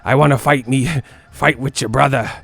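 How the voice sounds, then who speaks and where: A blustering old pirate growls about gold and treasure, dragging out each line, as a man puts him on. The voice is gravelly and loud, with a dry, close sound. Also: mid-range voice, fairly even intonation, moderate pace, no room sound. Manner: growling pirate talk, drawn out. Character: gruff old male pirate, treasure-greedy.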